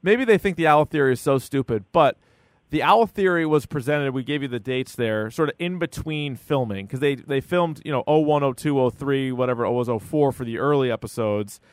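A man co-hosting a podcast in casual chat, animated and acting out quotes with a jumpy, high voice. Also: brisk, dry recording. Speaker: podcast co-host.

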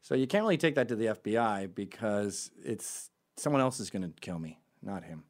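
Male host, lowish voice, animated pitch, sarcastic, mocking commentary. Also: a little fast.

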